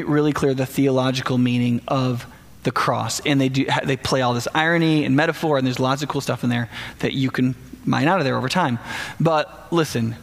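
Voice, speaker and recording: A man preaching a sermon in a conversational, animated way, speaking directly to the congregation. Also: mid-range voice. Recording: long hall reverb.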